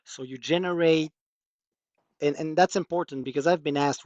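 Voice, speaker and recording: A man's voice: a little high, moderate pace, pauses often, a little mellow, no room sound. A man with a French accent presenting a technical workshop walkthrough, explaining with many hesitant fillers.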